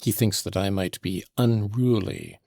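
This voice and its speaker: A man's voice: lowish voice, huge pitch swings, unhurried, gravelly, mellow, no echo, clean studio sound, heavily acted. A man reading a sneering, conceited manservant. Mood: contemptuous. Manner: sneering, self-important lecturing. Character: scornful young male servant, conceited and bitter. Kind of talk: audiobook character reading.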